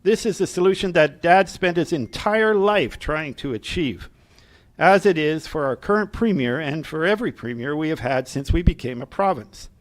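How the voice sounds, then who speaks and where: A middle-aged man giving a prepared speech to a live audience, earnest, with asides and light humor to the room. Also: a little high. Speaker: speaker at a political gathering.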